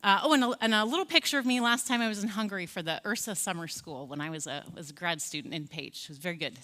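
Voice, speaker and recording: A woman's voice: fairly low pitch, fast, sharp tone, big-room sound. A woman in her forties with an American accent, raised in Scotland, giving a friendly, conversational keynote lecture with many fillers. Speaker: keynote speaker. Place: large conference hall.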